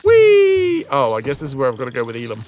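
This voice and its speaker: A man's voice: mid-range voice, steady tone, very fast. A young man casually chatting and swearing as he streams a game, crude and self-mocking. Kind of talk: casual live gameplay commentary.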